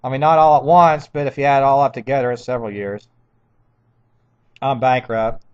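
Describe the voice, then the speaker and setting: A man's voice: medium pitch, fairly even intonation, brisk, smooth, no echo. Man in his 50s, agitated rambling monologue, stammered restarts, dry muffled home recording.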